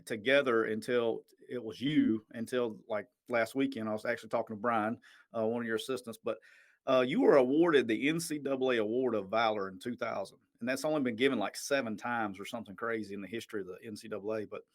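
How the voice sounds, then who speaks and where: A man's voice: mid-range voice, fast. A man, hosting a casual podcast interview and sharing anecdotes. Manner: easygoing, chatty anecdotes. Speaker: podcast host.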